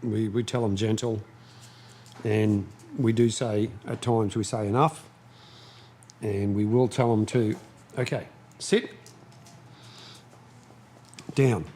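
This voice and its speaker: Guy talking slow from his shed on a live stream, bossing his dogs around, low hum behind. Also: level tone. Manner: slow, chatty, scolding his dogs in sharp bursts. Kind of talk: casual live-stream chat. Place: home workshop shed.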